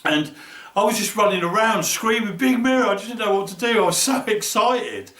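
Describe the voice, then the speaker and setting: Man telling a lively fishing story. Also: sits high, fairly quick, echoey room, far from the mic. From Norfolk, England. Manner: acts out the voices of friends, laughing often. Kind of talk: animated storytelling.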